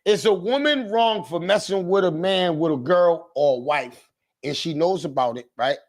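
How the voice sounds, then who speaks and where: A man hosting a livestream, ranting in a casual, animated way, repeating himself and mimicking callers. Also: fairly high pitch, moderate pace. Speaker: livestream host.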